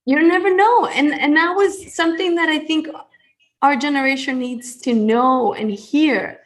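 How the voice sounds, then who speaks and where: A woman's voice: high-pitched, a little slow. A woman co-hosting a casual interview chat, asking long, rambling questions with enthusiasm. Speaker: podcast co-host.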